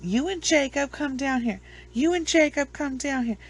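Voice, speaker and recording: A woman voicing an angry mother who yells at a bully's parent through a doorbell camera, pitched well above her own voice. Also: flat delivery, measured pace. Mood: yelling. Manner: shrill, yelling then sugary apology. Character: furious loud mother confronting a bully's parent.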